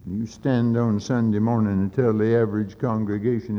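A man preaching a sermon with fervent urgency, building to loud peaks and dropping in folksy asides. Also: lowish voice, little pitch movement, moderate pace, few pauses. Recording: old lo-fi recording in a reverberant hall.

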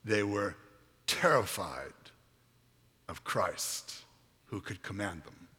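A man preaching a sermon, reading scripture dramatically and swinging from hushed words to booming ones. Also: animated, takes it slowly, slightly rough, long reverb tail. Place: large church hall.

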